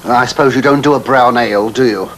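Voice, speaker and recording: An actor playing a fussy, bumbling middle-aged music-hall entertainer who talks in cheeky, camp asides and mock-dramatic recitation, in a 1970s film comedy. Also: male voice, mid-range voice, fast, fairly bright tone, slight background noise, close to an everyday voice. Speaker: comic entertainer.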